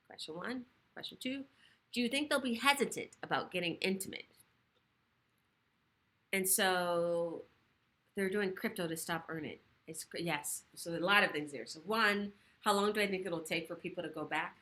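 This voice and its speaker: This woman, a sexual health educator, chats casually on a livestream from home in a fairly low voice. Her delivery is rapid and lively, with offhand swearing.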